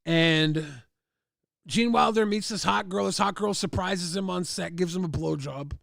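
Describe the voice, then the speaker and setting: A livestream host with a high, gravelly, slightly bright voice rambles at a measured pace through crude anecdotes, full of loose fillers. He acts out other people's lines in raised voices. The recording is clean studio sound with no room echo.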